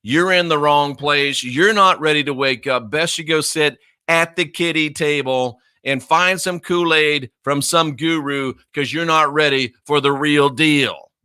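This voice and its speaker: A man delivers a confrontational Bible lesson, mocking doubters and hammering each point through repetition. His voice sits a little high and comes across bright and forceful. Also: a little slow, few pauses, smooth. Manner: combative, mocking, emphatic repetition. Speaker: minister.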